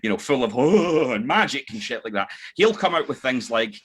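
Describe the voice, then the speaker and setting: A man from Scotland, his accent mixed from living in many places, hosts a casual podcast on a desk mic, swearing, joking and bantering quickly with restarts. His medium-pitched voice is sing-song, fairly bright and husky.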